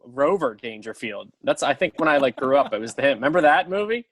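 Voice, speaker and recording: A man's voice: mid-range voice, animated, brisk, no room sound. A man who hosts a podcast, chatting casually and enthusiastically. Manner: enthusiastic, warmly effusive. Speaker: podcast host.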